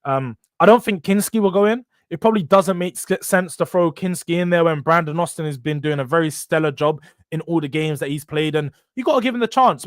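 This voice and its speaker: Guy on a live football stream, high voice, ranting and swearing, dry close sound. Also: dry recording. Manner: animated ranting with swearing and slang. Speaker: football channel host.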